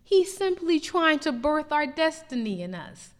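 Animated woman preaching in a reverberant hall. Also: sits high, measured pace. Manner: animated preaching with rising emphatic peaks. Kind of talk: sermon.

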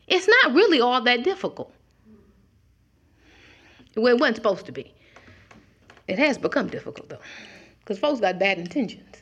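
A woman's voice: on the high side, big pitch swings, moderate pace, long pauses, a bit bright, highs cut off. A middle-aged woman preaching a conversational sermon, acting out little dialogues as she talks.

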